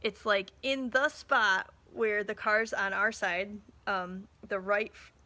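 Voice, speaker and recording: This woman's mid-range voice is steady, slow, bright, and forceful. She's a mother and small business owner in her thirties, telling a story in a casual live talk and performing the quoted dialogue as she goes.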